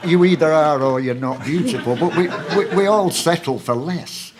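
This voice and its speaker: A man, a poet guest on a comedy panel, speaking deadpan and correcting himself for laughs. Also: fairly high pitch, moderate pace, a crowd in the background. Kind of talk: comic panel banter. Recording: loud audience laughter behind.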